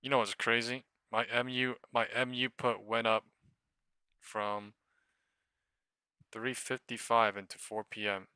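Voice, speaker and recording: Profane exasperated man, bright dry voice. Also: medium pitch, flat delivery, unhurried, pauses often, smooth, dry recording. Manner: profane, exasperated rambling about trades. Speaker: live stock trading streamer. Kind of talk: casual live-stream commentary.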